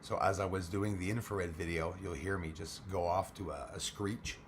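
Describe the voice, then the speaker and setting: A man hosting a live stream in a hoarse, worn-out voice that sits low in pitch. He keeps everything quiet and held back, chatting casually with viewers. A faint hiss of noise sits underneath. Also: steady tone, moderate pace. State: hoarse, losing his voice.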